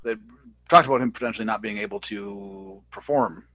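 A man co-hosting a casual podcast chat, animated and playful. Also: fairly low pitch, a little fast. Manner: animated, mocking impressions in bursts. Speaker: podcast co-host. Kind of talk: casual wrestling review chat.

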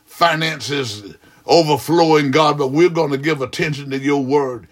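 A man's voice: a little high, a little slow. A man praying aloud as a pastor, fervent and rhythmic, with frequent "hallelujah" interjections. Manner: repetitive, rhythmic preaching cadence. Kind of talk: extemporaneous prayer.

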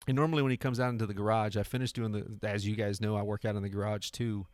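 Man, podcast host, earnest motivational talk, repeats and restarts, fairly low voice, dry recording. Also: steady tone, fast talker, a little mellow, dry recording. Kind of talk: casual motivational monologue. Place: home garage.

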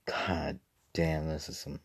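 A man's voice: very deep voice, little pitch movement, slow, slight background noise. A young man rambling casually and profanely on a livestream, with mumbled asides. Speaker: streamer.

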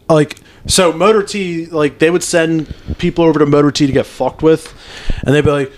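A man in his twenties, a former Marine, telling profane, animated stories in casual chat. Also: a little high, moderate pace.

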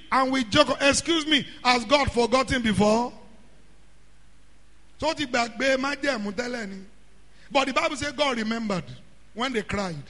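A man preaching a sermon, often shouting and drawing out words. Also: very high-pitched. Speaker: pastor. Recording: hall reverb.

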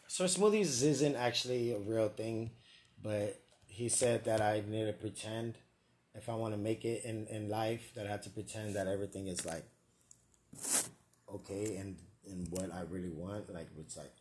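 A man's voice: on the low side, normal speed, a little mellow. A man hosting a live comedic podcast, rambling, joking and swearing at himself. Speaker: podcast host. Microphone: earpiece and mic, live stream.

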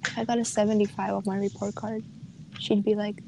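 A young woman in her late teens, a student, chatting casually and quickly, with lots of fillers and acted-out quotes of what others said. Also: mid-range voice, level tone, creaky, noisy background. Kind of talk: casual chat.

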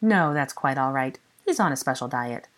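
A woman's voice: a bass voice, animated, moderate pace. A woman voicing a haughty young witch in disguise who dodges questions. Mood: haughty, evasive.

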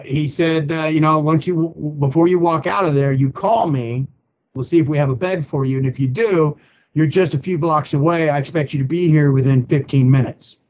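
A pastor appears as a podcast guest and shares his recovery testimony in conversation, speaking bluntly and colloquially and acting out the people he quotes. His voice leans high, and the recording is muffled.

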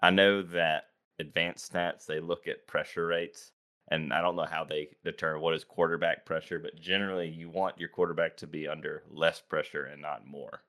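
A man co-hosting a sports podcast, opening the show with energetic jokes and casual banter. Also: rumbling low, moderate pace. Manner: energetic, joking, animated intro. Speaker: podcast co-host.

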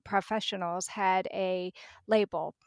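A woman's voice: mid-range voice, steady tone, takes it slowly, no room sound, clean studio sound. A middle-aged woman, a podcast guest, telling a personal story vividly and acting out the dialogue.

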